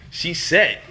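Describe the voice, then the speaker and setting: A man's voice: high-pitched, sharp tone. A man hosting a casual home cooking vlog in his kitchen, playful and teasing as he coos at his baby daughter. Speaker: cooking show host.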